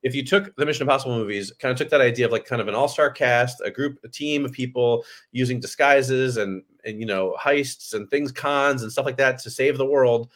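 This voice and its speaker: A man's voice: mid-range voice, brisk, hardly any pauses, fairly bright tone. A man co-hosting a podcast, chatting casually about movies with stammers and frequent ums and likes. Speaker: podcast co-host. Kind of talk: casual chat.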